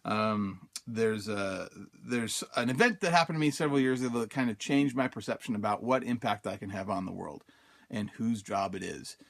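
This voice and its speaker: A lowish male voice with vocal fry, moving at normal speed. He's a Utah-born podcast host on a self-help show, sharing a personal story in a relaxed way, full of fillers, with his inner thoughts acted out in quotes.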